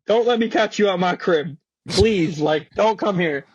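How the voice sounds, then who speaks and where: A man's voice: high-pitched, a little slow, breathy edge, no room sound, lo-fi sound. A young man, a skateboarding guest, telling a story in a slangy, profane way and acting out the quotes. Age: young adult. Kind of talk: animated storytelling with quoted voices. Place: podcast studio.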